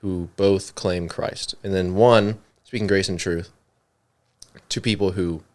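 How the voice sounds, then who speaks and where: A man's voice: low-pitched, fairly even intonation, takes it slowly, a little mellow. A young man co-hosting a church podcast, chatting casually with lots of fillers and putting questions to his co-host. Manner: conversational, many fillers, asks questions.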